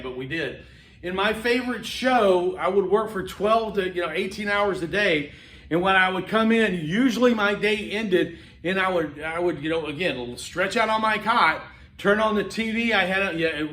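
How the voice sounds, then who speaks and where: A man with a fairly high voice lectures to a class in a loose, chatty way, trailing into fillers and restarting his sentences. The sound rings around a reverberant classroom. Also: a bit bright. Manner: conversational, rambling with many fillers and restarts. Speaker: college instructor.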